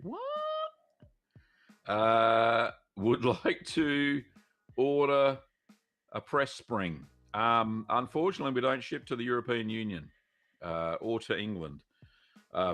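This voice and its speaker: A man's voice: fairly low pitch, slow pace, fairly bright tone, soft background music. A middle-aged Australian man hosting a live cheese-making Q&A stream, chatting casually with many fillers and greeting viewers by name.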